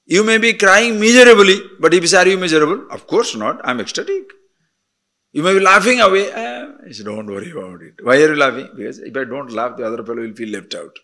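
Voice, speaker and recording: Animated older male teacher. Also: fast talker, hardly any pauses. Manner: animated, swings between emphatic highs and soft murmurs, laughs often. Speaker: spiritual teacher. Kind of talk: spiritual discourse.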